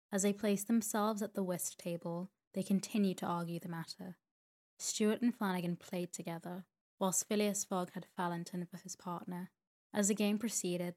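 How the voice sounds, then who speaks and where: A woman narrating a classic novel as a bedtime sleep story, reading steadily. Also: on the low side. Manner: steady, even-paced reading.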